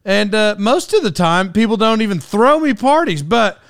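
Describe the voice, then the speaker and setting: Man in his forties, smooth resonant voice, casual rambling storyteller, dry room. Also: high-pitched, very animated, normal speed, no echo. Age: 40s. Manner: rambling, self-interrupting, laughs at himself. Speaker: podcast host.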